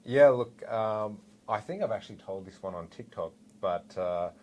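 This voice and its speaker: A man in his forties with an Australian accent, a former police officer telling a story in a relaxed, animated way with lots of asides. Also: lowish voice, moderate pace. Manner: animated, rambling with fillers and asides. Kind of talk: casual storytelling anecdote.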